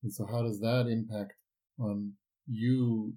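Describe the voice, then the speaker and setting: A man's voice: on the low side, flat delivery, takes it slowly, mellow. A man hosting an interview, asking probing follow-up questions and nudging the guest on. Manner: probing, follows up with short prompts. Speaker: podcast host.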